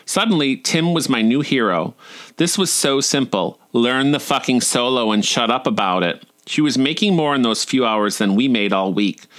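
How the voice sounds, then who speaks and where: A man's voice: medium pitch, animated, normal speed, a bit bright. A man in his forties reading his own humorous personal essays in a wry, irreverent, playfully profane way. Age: 40s.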